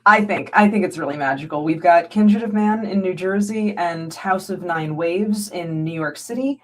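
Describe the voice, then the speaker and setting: Animated American woman guest, laughing often. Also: on the low side, normal speed. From United States. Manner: animated, laughs often, voices quoted people. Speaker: guest author and scholar. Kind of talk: conversational interview.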